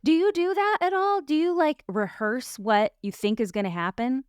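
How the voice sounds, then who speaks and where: A woman's voice: sits high, moderate pace, clean tone, no echo, clean studio sound. A woman podcast host and life coach in a casual chat, telling personal stories in a candid, reflective way with frequent restarts.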